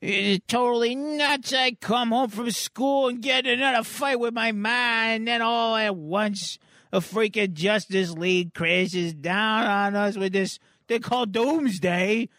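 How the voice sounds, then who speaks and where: A man voicing a panicked teenage boy trapped in a burning house, pleading in a high, strained voice. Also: steady tone, a little slow, pushed and bright, no echo, clean studio sound. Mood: frantic.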